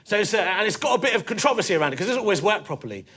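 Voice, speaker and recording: Lively London man doing stand-up. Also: high voice. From East London. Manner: conversational and punchy, with quick asides to the crowd. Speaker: stand-up comedian. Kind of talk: stand-up comedy set. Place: comedy club stage. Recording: live club set with noisy crowd.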